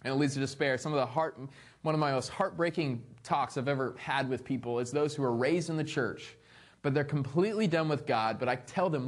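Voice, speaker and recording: A man preaching a sermon, reading scripture aloud and adding playful, animated asides. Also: mid-range voice, a little fast. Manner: reads scripture aloud then comments. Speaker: pastor.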